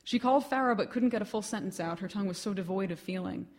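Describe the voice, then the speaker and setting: A woman reads her own fiction aloud at a live literary event. She tells it in a measured, expressive way, at a middle pitch for a woman. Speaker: writer reading her fiction. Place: reading event.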